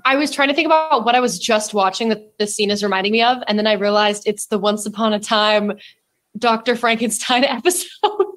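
A woman in a casual online podcast chat, thinking out loud and weighing her points carefully. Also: medium pitch, a little fast, no room sound. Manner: thoughtful, fan-analytical.

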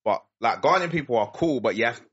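Animated London man telling stories. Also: medium pitch, fast talker, slightly rough, dull audio. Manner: animated storyteller, slangy. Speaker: podcast host. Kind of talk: casual chat.

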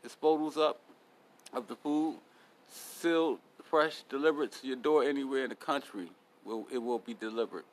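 A young man runs his own podcast in a loose, unscripted monologue. His voice sits at a middle pitch, and he talks bluntly and curses freely. He switches between plugs and tough-love motivational talk. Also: moderate pace. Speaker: podcast host.

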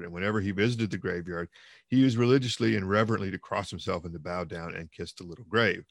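Brief: low, rough-edged male narrator, dry close recording, steady storytelling. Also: no echo. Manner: measured, expressive reading. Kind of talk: audiobook reading of a classic novel.

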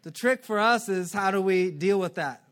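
Guy pastor preaching a sermon in church, kinda high voice, super animated, cracks jokes and does little voices. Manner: animated, joking, acts out quick character voices.

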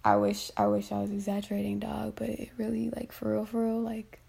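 A woman's voice: mid-range voice, fairly quick, gravelly, hardly any pauses, mellow, husky. A woman podcast host ranting casually and bluntly into her phone, swearing and exasperated.

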